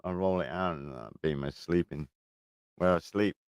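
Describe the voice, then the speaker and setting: Rambling man, low and smooth. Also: normal speed, dry recording. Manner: rambling, chuckling, swears freely. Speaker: vlogger. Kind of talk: casual chat to camera. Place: room at home, indoors.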